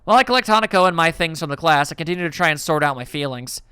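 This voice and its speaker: Bright-voiced man reading a visual novel. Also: fairly high pitch, animated, rapid-fire, clear, resonant tone, no echo, studio quality. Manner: reflective first-person narration. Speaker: let's play host.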